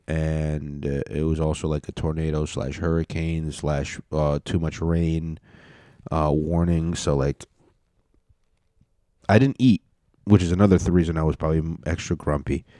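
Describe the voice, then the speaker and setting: A man's voice: low voice, dark tone, no echo, clean studio sound. A young man hosting a casual solo podcast, rambling in laid-back, profane slang. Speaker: podcast host and stand-up comedian.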